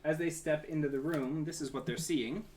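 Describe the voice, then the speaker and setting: A man in the game master's seat, describing the scene in an unhurried, everyday way. He stops and restarts often, padding his lines with fillers. There is a faint hiss under the recording. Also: fairly high pitch, darkish tone. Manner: casual, hesitant narration with fillers and restarts. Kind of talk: narrating a tabletop game.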